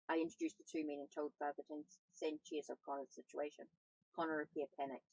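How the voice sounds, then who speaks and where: Woman reading aloud with a gravelly voice. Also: deep voice, level tone, a little fast, a little mellow, no room sound, rough recording. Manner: reads with small slips and self-corrections. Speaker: audiobook reader, tarot channel host. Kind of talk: first-person novel read aloud.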